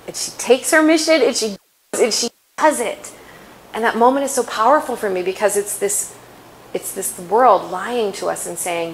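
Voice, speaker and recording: A woman giving a faith-based inspirational talk at a conference, chatty and quick to laugh, often correcting herself mid-sentence. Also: medium pitch, slight background noise, poor audio. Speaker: conference speaker.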